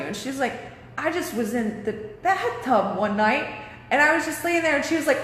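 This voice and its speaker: A woman's voice: a little high, expressive, moderate pace, fairly bright tone, echoey room, in a large hall. A young woman vlogging a candid personal story, swearing often and losing her train of thought now and then.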